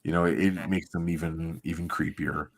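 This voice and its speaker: A man's voice: low-pitched, fairly even intonation, normal speed. A man co-hosting a comic reading show, talking casually and enthusiastically into a desk microphone and reading narration aloud. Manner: chatty, enthusiastic, self-correcting with laughs. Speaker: podcast co-host reading comics.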